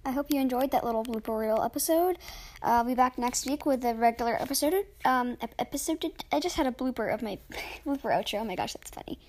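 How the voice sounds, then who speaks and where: A woman's voice: a little high, fast talker, darkish tone, slight background noise. A woman hosting a casual podcast, stumbling over words and laughing at her own slips. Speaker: podcast host. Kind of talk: casual podcast talk with bloopers.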